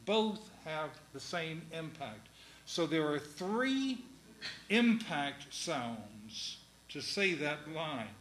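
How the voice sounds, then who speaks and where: A man giving a classroom lecture, speaking in a halting, deliberate way with many pauses, ums and restarts. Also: fairly high pitch, a bit bright, echoey room, low-quality recording. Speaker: lecturer on Shakespeare's verse.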